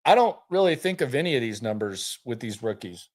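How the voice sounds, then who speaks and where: A podcast host talks casually on a sports live stream, his mid-range voice sing-song, brisk, and a little mellow. He's laid-back and rambling, often repeating words as he starts over.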